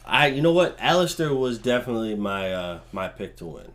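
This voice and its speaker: A man's voice: lowish voice, sing-song, fairly quick, a bit bright. A man co-hosting a casual wrestling review, talking in a laid-back, hesitant way full of fillers. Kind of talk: casual chat.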